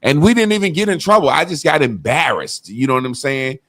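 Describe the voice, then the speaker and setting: A man's voice: on the high side, expressive, brisk, a bit bright, no echo. A man telling a childhood story in casual, profane talk, acting out the people he quotes. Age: adult.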